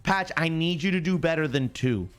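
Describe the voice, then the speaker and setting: Joking male stream host, slightly high voice. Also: normal speed, a bit bright, clear, resonant tone, faint music behind. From United States. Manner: joking, teases chatters, greets them by name. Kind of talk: casual live-stream chat.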